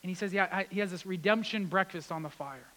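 A man with a high-pitched voice delivers a sermon. He leans on repeated words and moves from raised, urgent passages down to quiet, hushed ones. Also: fast, rough recording. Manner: emphatic, repeats key words, swings between loud and hushed. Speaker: preacher.

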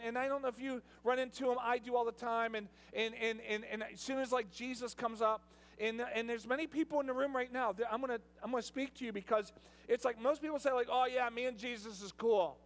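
A man, a pastor, preaching a sermon in a storytelling way, repeating words and restarting, at times building to loud preaching. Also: extremely high pitch. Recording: long reverb of a large hall.

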